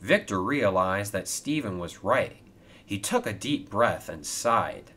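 A man narrating a toy train story in a lively storytelling manner. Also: lowish voice, slow pace.

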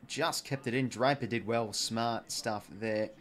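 A young Australian man calls the footy live from his desk mic, mixing quick play-by-play with laid-back chat to viewers. His voice sits at an everyday middle pitch and lifts with excitement when a goal goes through. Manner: chatty, reads chat aloud, excited on goals. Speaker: live watch-along host. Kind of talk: casual play-by-play commentary and chat.

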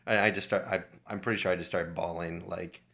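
A man's voice: sits low, steady tone, a little fast, gravelly, bright, forceful tone. A man from Minnesota sharing an informal, heartfelt devotional talk with his church, earnest and personal. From Minnesota, USA.

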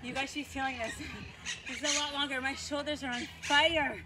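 A woman's voice: sits high, steady tone, brisk, heavy background noise. A woman fitness instructor coaching a live workout, counting reps aloud and cheering viewers on while out of breath.

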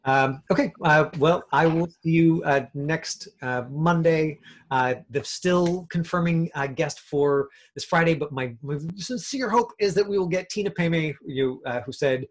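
A man teaches an acting class over a video call, chatting casually with lots of fillers. His voice is fairly high and a little slow.

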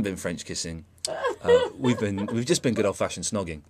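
Radio guy joking around, lowish voice, bouncy delivery, noisy studio. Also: huge pitch swings, moderate pace, few pauses. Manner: joking, rambling with restarts. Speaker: radio host. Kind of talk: casual studio chat.

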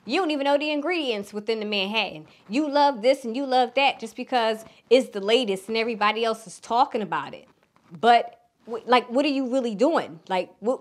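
A woman with a Philadelphia accent and a hint of Southern twang gives relationship advice in a casual vlog. Her voice sits a bit high for a woman. She talks frankly and bluntly, with the odd curse word. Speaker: relationship coach.

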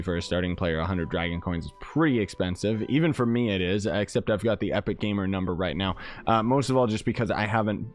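A man giving casual game commentary as a YouTuber, rambling and joking at his own expense while he talks through items. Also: mid-range voice. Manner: playful, rambling, jokey, self-mocking. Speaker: gaming YouTuber.

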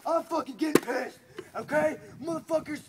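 A man in a mock drill-sergeant rant, shouting profane orders outdoors. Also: very high-pitched, normal speed, creaky. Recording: loud background noise.

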